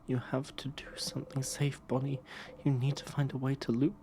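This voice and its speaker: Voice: mid-range voice, level tone, normal speed, warm tone, slight background noise. A streamer from England, reading a game aloud live and anxiously repeating words in breathless reassurance.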